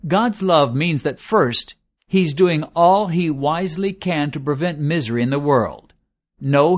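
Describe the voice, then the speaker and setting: A man preaching a sermon in an earnest, measured way, slowing down to stress lists of words. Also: a little high.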